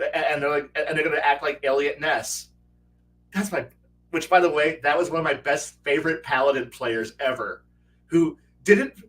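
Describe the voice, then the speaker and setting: A man hosting a casual chat about tabletop game design, animated and laughing, acting out quoted voices and swearing now and then. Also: on the high side, distant mic, rough recording. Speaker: host. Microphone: video call.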